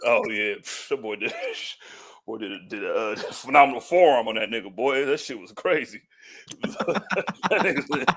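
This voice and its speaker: A man's voice: medium pitch, animated, moderate pace, a bit bright. A man co-hosting a podcast, telling rowdy, slangy stories in casual chat. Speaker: podcast co-host.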